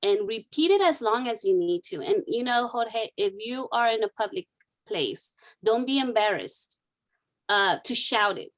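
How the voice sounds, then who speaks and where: A woman's voice: fairly high pitch, animated, measured pace, fairly bright tone. A woman counselor guiding a client through a therapy exercise, repeating key phrases as she coaches. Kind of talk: counseling session role-play.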